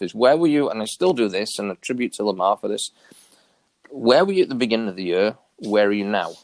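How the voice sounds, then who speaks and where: A man telling a personal story as an interview guest in casual talk, acting out quoted dialogue with sudden high jumps in his voice. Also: a little fast, no echo. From New York area. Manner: animated, acts out quoted dialogue with big pitch jumps.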